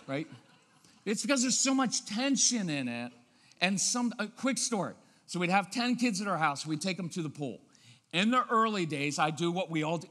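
High, bright-voiced man speaking in a hall. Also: moderate pace. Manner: lively, acts out parents' voices, keeps asking "right?". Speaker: parenting speaker. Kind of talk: animated seminar talk. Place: church auditorium. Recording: long reverb of a large hall.

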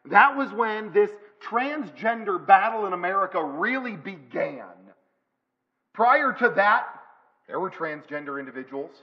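A man's voice: high voice, animated, unhurried, lo-fi sound. A male pastor preaching a sermon in a church, emphatic, with repeated phrases. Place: church sanctuary.

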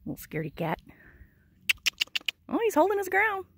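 A woman from Texas, vlogging outdoors by her van and talking to cats and cows in a high, cooing baby-talk voice with frequent laughs. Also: wildly swooping pitch, moderate pace, dry recording. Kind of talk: casual vlog talk to camera and animals. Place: outdoors by a van near a cow pasture. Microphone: handheld camera.

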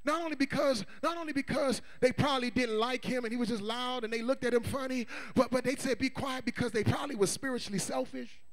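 A male pastor preaching a sermon, swinging between shouts and hushed asides and calling on the congregation to respond. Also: extremely high pitch, quick pace, hardly any pauses. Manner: call-and-response prompts to the congregation.

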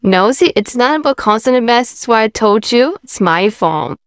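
Kind friend girl voiced by a woman, soft and reassuring, clean dry sound. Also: a little high, lively intonation, moderate pace, no echo. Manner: gentle, reassuring. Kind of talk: casual fan roleplay.

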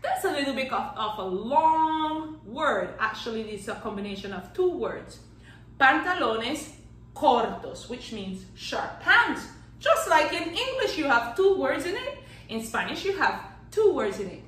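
Playful woman teacher for children, high and slow-paced, echoey room. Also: far from the mic. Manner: animated and playful, claps out syllables, counts down magic tricks. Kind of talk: children's language lesson.

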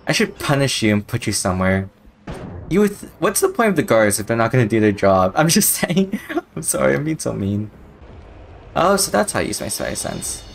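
A young man doing casual let's-play commentary over a video game in a mid-range voice. He swears freely, gets excited easily and laughs between remarks. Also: medium pitch, fairly quick, gravelly, soft background music. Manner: profane, excitable, laughing often. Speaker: gaming YouTuber.

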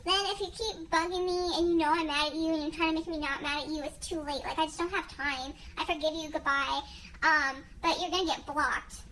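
A woman's voice: sits high, fairly even intonation, fairly quick, pushed and bright, a little hiss or hum, rough recording. A young woman ranting bluntly and emphatically into her phone camera for a social media story. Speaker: vlogger.

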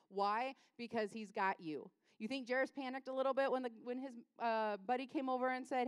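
A woman pastor giving a lively, self-deprecating sermon, repeating lines for emphasis. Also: high-pitched, a little fast, no echo.

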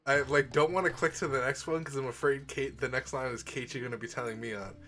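A man's voice: mid-range voice, steady tone, fast talker, fairly bright tone. Exasperated man reading a visual novel. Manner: exasperated, swearing outbursts. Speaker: let's play host.

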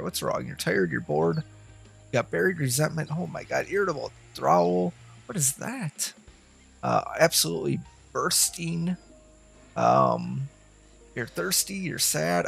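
Gravelly-voiced man chatting through a game. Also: a little high, fairly bright tone. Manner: thinking aloud, chatting to the game's students. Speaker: let's play host. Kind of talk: casual gameplay commentary.

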